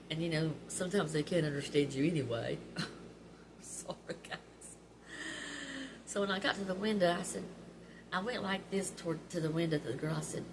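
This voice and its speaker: Heartfelt and talkative, a middle-aged woman shares personal stories with her vlog viewers, frequently laughing through tears. Her voice sits on the low side, moving at a moderate pace with long pauses, and background noise can be heard.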